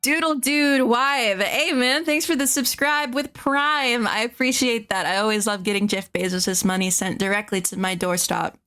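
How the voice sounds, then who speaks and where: A woman's voice: medium pitch, fairly even intonation, normal speed, few pauses, pushed and bright, soft background music. Sarcastic, foul-mouthed young woman streamer. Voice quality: profane, rambling, sarcastic. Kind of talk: casual chat with live chat.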